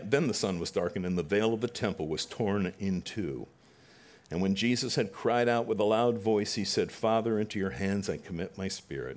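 Deep-voiced male preacher. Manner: retells scripture dramatically, voicing the mockers in loud bursts. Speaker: pastor. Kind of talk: sermon.

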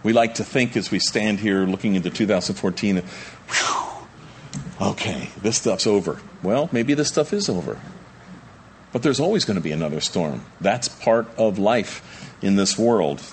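A pastor with a fairly low voice preaches from the pulpit, shifting from slow, hushed lines to excited, raised ones as he acts out the frightened disciples. A faint hum of ambience sits behind him. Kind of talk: sermon.

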